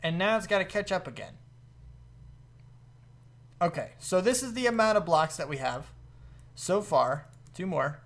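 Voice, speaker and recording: Excitable gamer man, lively pitch. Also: a little slow, pauses often. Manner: excitable, jumps to high exclaims, laughs often. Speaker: gaming video host. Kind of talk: casual gameplay commentary.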